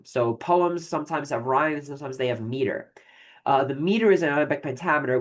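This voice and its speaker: This is a professor's recorded lecture on literature, delivered in a mid-range voice. The explanations are dotted with fillers and false starts, and poems are read aloud at a slow pace.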